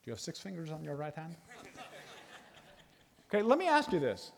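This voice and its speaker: A middle-aged man giving a guest sermon in a church, animated and jokey, talking to a live audience. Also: a little high, brisk, creaky, crowd noise. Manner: animated, jokey, bursts into sung movie lines. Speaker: guest speaker. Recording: long hall reverb.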